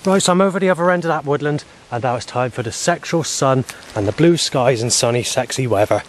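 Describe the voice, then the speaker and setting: This rambling outdoor video diary features a man on a walk, swearing a lot and sounding agitated as he talks into a handheld camera that he stops himself. He speaks fairly quickly at a medium pitch with lively intonation, and there's a slight hiss or hum.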